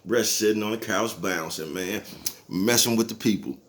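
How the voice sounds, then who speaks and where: A man's voice: on the low side, normal speed, fairly bright tone. A man giving a casual motivational monologue as a vlogger, laid-back and profane, chuckling often and checking in with his listeners constantly. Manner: laid-back, chuckles often, keeps asking "you know what I'm talking about?"; profane, preachy street talk.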